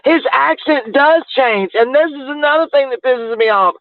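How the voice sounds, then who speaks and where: A man's voice: extremely high pitch, normal speed, hardly any pauses, no echo. A man chatting casually on a livestream, rambling and greeting viewers as he goes. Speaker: livestream host. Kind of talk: casual chat commentary. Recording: tinny phone-like, dry.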